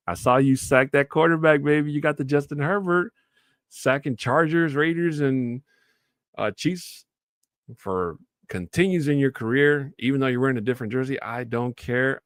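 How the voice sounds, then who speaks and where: Casual, chatty lower-voiced male sports host. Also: dry recording, studio quality. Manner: casual and chatty, swells into loud enthusiastic shout-outs. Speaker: sports talk show host. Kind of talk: solo sports talk show with live chat.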